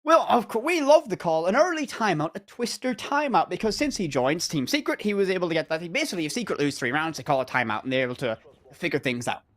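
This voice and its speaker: A man with an Irish accent giving energetic live esports commentary, stressing words by repeating them. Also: high-pitched, fast talker. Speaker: esports caster.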